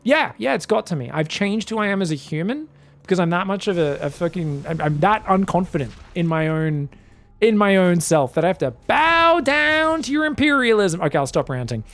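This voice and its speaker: A man giving solo commentary on a strategy game match, excitable and chatty, bursting into shouted reactions and talking straight to his viewers. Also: high voice, fairly quick. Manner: chatty asides, addresses viewers as guys. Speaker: esports caster.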